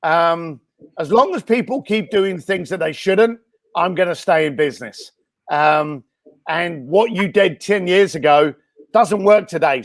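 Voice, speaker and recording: A man answering interview questions over a video call in a blunt, energetic way, with many fillers and restarts, his voice a little hoarse. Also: sits high. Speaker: guest speaker and entrepreneur.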